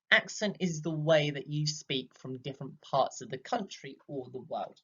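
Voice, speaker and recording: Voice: medium pitch, normal speed, few pauses, pushed and bright. Drama teacher explaining, muffled recording. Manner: explains patiently with many fillers, acting out examples. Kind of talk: recorded classroom lesson.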